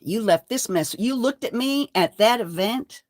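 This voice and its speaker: An older woman hosting her own channel, delivering a defiant, profane rant to the camera. She moves between low mutters and loud, heated outbursts. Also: expressive, a little slow, dry recording, clean studio sound. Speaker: channel host. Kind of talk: angry livestream rant.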